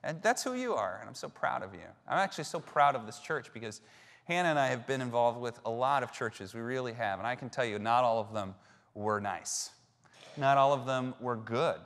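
A man's voice: medium pitch, lively intonation, brisk, a bit bright. A man in his thirties preaching a sermon as a pastor, talking in a conversational, self-deprecating storytelling way. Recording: long hall reverb.

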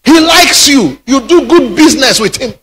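A man preaching a sermon, rising into shouted peaks. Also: very high voice, animated, normal speed, heavy background noise. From Nigeria. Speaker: pastor.

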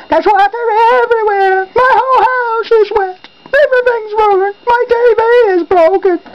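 Woman voicing a high, slow, sulky dinosaur, dull lo-fi home recording. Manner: indignant, sulky, wailing complaints. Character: angry, whiny male dinosaur homeowner. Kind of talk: homemade toy comedy skit.

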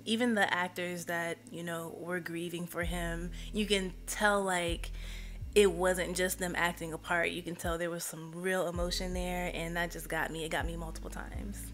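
A woman live streamer chatting casually with her viewers, emotional and expressive. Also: fairly low pitch.

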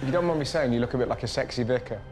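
A man with an English accent hosting a comedy segment, joking and yelping with excitement. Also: mid-range voice, racing, background noise. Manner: excitable, yelps and swears, jokey asides. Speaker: comedy show host. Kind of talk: comic banter on location. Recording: music loud behind.

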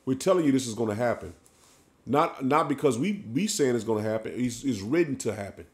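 A man's voice: mid-range voice, animated, a little fast. A man preaching an emphatic sermon, often ending his phrases with "man". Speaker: street preacher.

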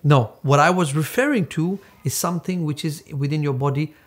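Patient male host of a kids' lesson show, slightly high voice, drills sounds. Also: brisk. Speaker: teacher. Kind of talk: children's puppet show lesson.

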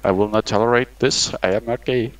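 A man's voice: mid-range voice, steady tone, brisk, poor audio. A young man chatting casually with a friend while gaming, joking, rambling and swearing a lot. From Denmark.

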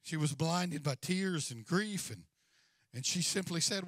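Male pastor, sermon delivery; bright, forceful tone, high voice; storytelling with hushed asides and calls for amen. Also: animated, unhurried, no echo, studio quality. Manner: storytelling preacher, swings from hushed to loud, calls for amens. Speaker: senior pastor.

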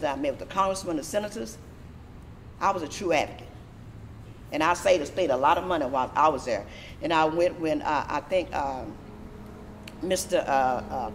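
Animated woman telling a story. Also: low-pitched, a little hiss or hum. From Texas. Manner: lively, animated retelling with laughter. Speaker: disability advocate. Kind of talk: storytelling interview.

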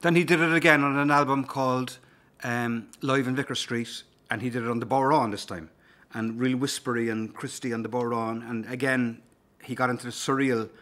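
A singer-songwriter with a Cork Irish accent, chatting loosely and telling anecdotes between songs, with plenty of "um" and "uh". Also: male voice, mid-range voice, fairly even intonation, brisk, a bit bright. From Cork, Ireland. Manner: rambling, easygoing anecdotes with filler words.

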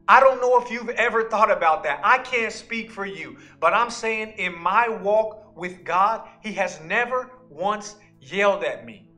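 Slow bright-voiced male preacher. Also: high-pitched. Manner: earnest storytelling preacher. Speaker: associate pastor. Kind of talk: sermon.

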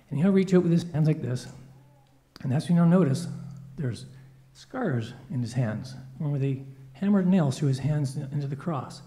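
A man telling a children's story in a church service, playful and animated, acting out quoted lines. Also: a little high, moderate pace.

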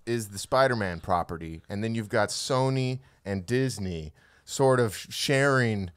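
A man's voice: lowish voice, unhurried, clear, resonant tone, no room sound. A man co-hosting a comedy podcast, explaining things at length in a loose, rambling chat and joking around. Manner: rambling explainer, freestyles and jokes. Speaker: podcast co-host.

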